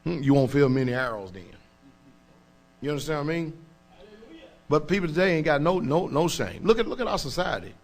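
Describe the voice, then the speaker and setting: His voice slightly high for a man, a pastor preaches emphatically in a sing-song, colloquial way, a little fast and pausing often. He repeatedly asks his congregation whether they follow him.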